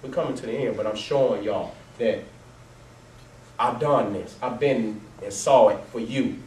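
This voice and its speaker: A man telling his life story to a live audience over photos, swearing heavily, laughing often and swinging between loud bursts and low, quiet stretches. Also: normal speed. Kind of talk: profane, animated storytelling talk to a live audience. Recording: roomy, distant mic, faint background noise.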